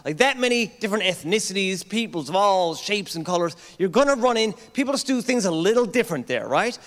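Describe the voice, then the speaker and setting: A man's voice: high-pitched, expressive, brisk, a bit bright. Newfoundland guy doing standup at an awards night, keeps saying right?, reverby hall. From Newfoundland, Canada. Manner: chatty, keeps tagging lines with "right?". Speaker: comedian host of an awards show. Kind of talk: stand-up comedy monologue. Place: large armoury hall at a live event.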